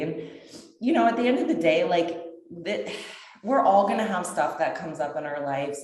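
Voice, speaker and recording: Low-voiced woman, halting and emotional. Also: a little mellow, roomy sound. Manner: halting, many fillers and restarts. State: choked up. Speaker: interview guest, bodybuilder. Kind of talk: emotional personal story.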